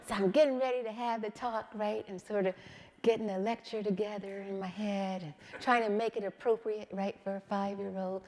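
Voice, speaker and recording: A middle-aged woman giving a public talk, telling a personal story in a measured way and often checking in with "right?". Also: medium pitch, fairly even intonation, darkish tone, long reverb tail, slight background noise.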